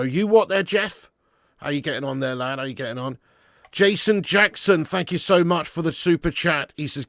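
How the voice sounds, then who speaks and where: Brash, bright-voiced English football fan. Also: male voice, a little high, creaky, no echo, studio quality. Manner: banter-heavy, shouts in mock outrage, reads out super chats. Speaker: football fan channel host. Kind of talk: live match watch-along chat.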